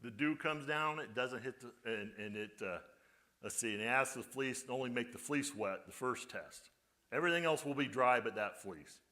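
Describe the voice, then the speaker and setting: A man's voice: mid-range voice, normal speed, sharp tone. A male pastor giving a conversational sermon, often putting rhetorical questions to his congregation.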